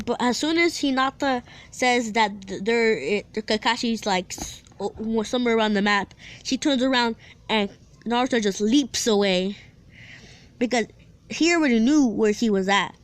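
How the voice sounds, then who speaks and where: A woman with a slightly high voice casually tells her viewers a fan-fiction story at normal speed. She rambles, restarts sentences often, and drops in playful asides along the way.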